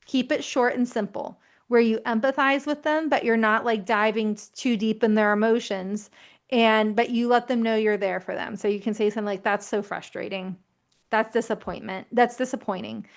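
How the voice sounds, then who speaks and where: A woman in her thirties giving calm, reassuring parenting advice in a gently explanatory way. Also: a little high, moderate pace. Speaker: parenting educator.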